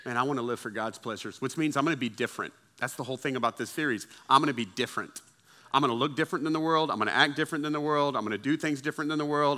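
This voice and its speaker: Male pastor, middle pitch, very bright and edgy tone, casual preaching style that acts out everyday dialogue. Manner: conversational preaching, acts out friends' voices. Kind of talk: sermon. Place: church service with congregation.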